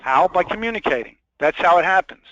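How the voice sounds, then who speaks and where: A man's voice: high voice, animated, fairly quick, fairly bright tone, a little hiss or hum. A man presenting a sales training webinar, stressing and repeating his key points and asking the audience rhetorical questions. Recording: dull lo-fi dry webinar audio.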